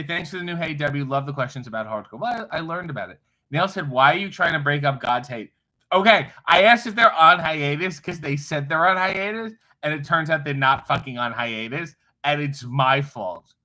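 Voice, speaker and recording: A man's voice: fairly high pitch, pushed and bright, poor audio. A man hosting a casual livestream, reading viewer comments aloud with irreverent, wry, profane asides. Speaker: livestream host reading chat. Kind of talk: casual live chat.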